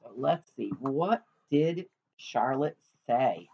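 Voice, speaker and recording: A woman reading a children's book aloud in an expressive storytelling manner. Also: low voice, unhurried, dull audio. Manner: expressive, shows pictures to listeners. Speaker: storybook reader.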